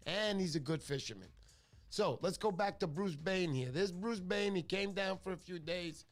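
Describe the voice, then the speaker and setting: Chatty New man hosting a stream. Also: high-pitched. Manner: chatty, excitable, thanks viewers by name. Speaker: livestream host. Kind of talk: casual fishing chat.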